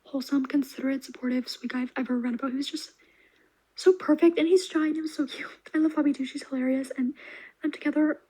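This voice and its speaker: Fast-talking, high-voiced young woman reviewer. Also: poor audio. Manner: gushing and animated, drops into soft asides. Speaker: book reviewer. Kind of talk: casual reading wrap-up vlog.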